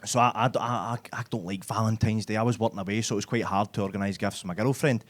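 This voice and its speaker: A man's voice: fairly low pitch, fairly even intonation, fast talker. Brash sweary Glaswegian stand-up man. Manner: brash, sweary, chatty, keeps asking "right?". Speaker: stand-up comedian. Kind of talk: live stand-up set. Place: comedy club stage.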